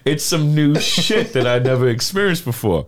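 A man's voice: mid-range voice, normal speed, a crowd in the background. Guy on a podcast telling a wild story, voice jumping all over, cursing and laughing. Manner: animated, swearing, laughs while telling stories. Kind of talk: casual storytelling chat.

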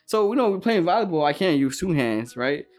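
A young man from Ghana telling his own story in a quick, animated way, his voice slightly altered. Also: a little high, faint music behind. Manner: fast, animated retelling with quoted dialogue. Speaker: guest sharing his story. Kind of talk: personal storytelling.

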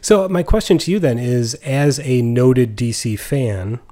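A man's voice: medium pitch, animated, unhurried, warm tone. A man co-hosting a podcast, talking thoughtfully in a casual chat, often restarting his sentences. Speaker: podcast co-host.

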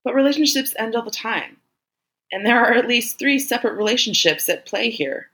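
A woman's voice: on the low side, a bit bright, poor audio. A woman voicing an earnest, affectionate woman who speaks candidly and reassuringly in a read-aloud story.

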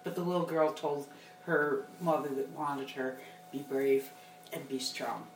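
A woman's voice: rumbling low, steady tone, unhurried. Earnest woman telling a story on a podcast, echoey room, bit of background noise. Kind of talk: casual podcast chat.

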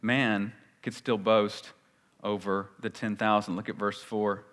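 A man preaching a sermon, emphatic, swinging between loud declarations and hushed asides, reading scripture with dramatic weight. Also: on the low side, little pitch movement, a little slow.

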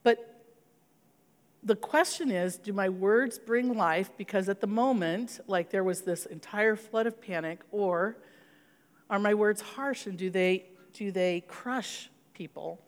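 A woman's voice: mid-range voice, slow, big-room sound. A middle-aged woman pastor giving an earnest sermon, telling a personal story and leading into prayer.

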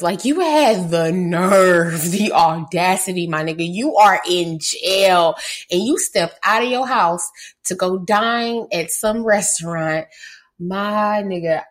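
Blunt, sarcastic woman podcast host. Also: on the low side. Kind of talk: casual podcast chat.

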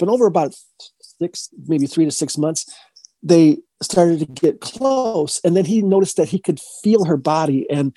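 A man, a paranormal investigator, telling a long story in a casual interview, rambling and halting with many restarts. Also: a little high, dark tone, no echo.

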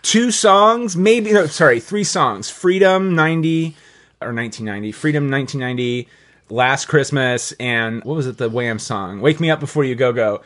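A man hosting a podcast in casual chat, animated and laughing, swearing freely. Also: medium pitch, moderate pace. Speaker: podcast host.

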